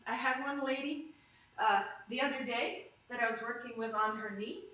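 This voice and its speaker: This instructor, high and bright in tone, guides a live-streamed stretch and strength session move by move at a moderate pace. She stays cheerful and talkative, slipping into little asides, her voice echoing through the room as a camera or phone streams it live.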